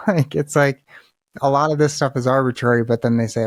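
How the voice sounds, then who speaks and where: A male podcast host talks casually and speaks his mind plainly. He often restarts his sentences as he goes. His voice is in a mid pitch and sounds close and dry. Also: brisk, no room sound. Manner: candid and opinionated, with frequent restarts. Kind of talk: casual conversational interview.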